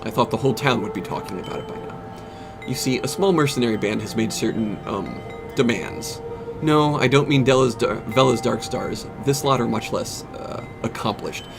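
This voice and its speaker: Man reading a genteel, flustered woman mayor for a game; prim, evasive, a bit gravelly. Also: medium pitch, moderate pace, close to an everyday voice. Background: game music.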